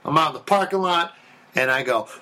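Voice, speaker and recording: Brief: male podcast storyteller, bright and forceful, swears, acts out the dialogue. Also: a little high, a little fast. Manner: animated, swearing, acts out quotes. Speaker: podcast guest telling a story. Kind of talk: casual storytelling.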